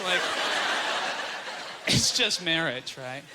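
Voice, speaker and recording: A man's voice: sits high, animated, brisk, very noisy. A man in his thirties doing a stand-up comedy set on a club stage, talking animatedly and acting out other people's voices. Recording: live club recording, loud audience laughter.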